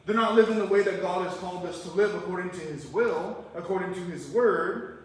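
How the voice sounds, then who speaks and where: A man's voice: high-pitched, a little fast. A man preaching a verse-by-verse sermon as pastor, talking conversationally and asking the congregation rhetorical questions. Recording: echoey hall, mic far off.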